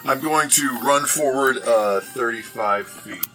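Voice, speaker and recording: A man's voice: medium pitch, takes it slowly, a bit bright, faint music behind. A man playing a tabletop game, joking and a little flustered about his turn. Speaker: player.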